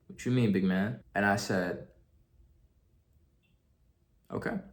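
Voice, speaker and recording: Taking it slowly in a lowish voice, a young vlogger animatedly narrates a tale to camera, using slang and acting out other people's lines.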